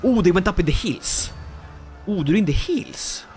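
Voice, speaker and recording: With faint music behind him, a high-pitched Swedish streamer talks at a moderate pace while playing a strategy game live. He jokes around, laughs a lot, and chats animatedly with his viewers.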